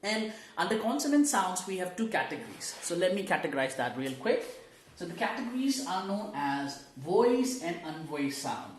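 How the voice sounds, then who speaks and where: In an online lesson, a woman coaches learners in English pronunciation step by step, posing rhetorical questions and modeling sounds for them to repeat. Her voice is lowish and very animated at a moderate pace, in an echoey room with slight background noise.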